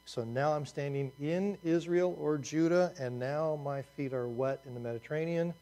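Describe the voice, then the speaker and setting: A man teaching a lively overview lecture, telling the story with jokes and asides as he points at a map. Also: a little high, moderate pace. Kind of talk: Bible survey lecture.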